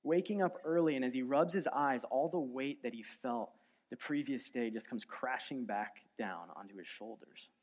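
Earnest preacher man, dull lo-fi recording. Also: moderate pace. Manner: earnest, swings from soft and low to loud and emphatic. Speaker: pastor. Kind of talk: sermon. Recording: dull lo-fi sound.

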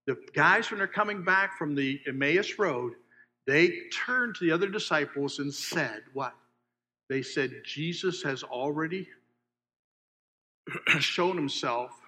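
A man preaching a sermon, asking his listeners questions and swinging between loud emphasis and hushed asides. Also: a little high. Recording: long hall reverb.

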